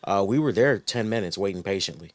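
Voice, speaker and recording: Low-voiced American man co-host. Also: fast, dry recording, clean studio sound. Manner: interjecting, then ranting in exasperation at the audience. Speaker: podcast co-host. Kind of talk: casual chat.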